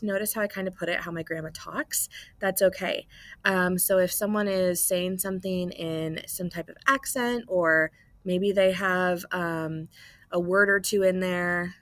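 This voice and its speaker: A woman's voice: fairly low pitch, fairly even intonation, measured pace, fairly bright tone, dry recording. A woman teacher talking students through a writing lesson in a casual, explanatory way, often checking in with "okay?" and "right?", recorded on a computer mic.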